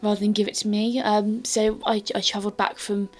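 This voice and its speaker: A woman's voice: medium pitch, little pitch movement, brisk, close to an everyday voice. A woman doing a stammering, polite young nobleman. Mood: hesitant.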